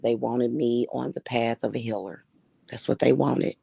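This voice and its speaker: A woman's voice: very deep voice, fairly even intonation, moderate pace, gravelly, mellow, breathy edge, dry recording. A woman hosting a casual livestream as a spiritual reader, telling stories in a blunt, profane and emphatic way.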